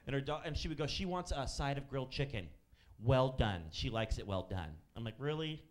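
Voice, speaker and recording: A man's voice: medium pitch, animated, fairly quick. Sardonic man in his thirties doing stand-up. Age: 30s. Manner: sardonic, profane storytelling. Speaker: stand-up comedian. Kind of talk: stand-up set. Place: comedy club stage.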